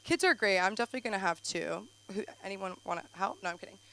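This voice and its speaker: Young female stand-up host, bright voice, rambling self-deprecating asides, live club stage. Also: medium pitch, animated, fast talker, vocal fry, low-quality recording. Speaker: stand-up comic and show host.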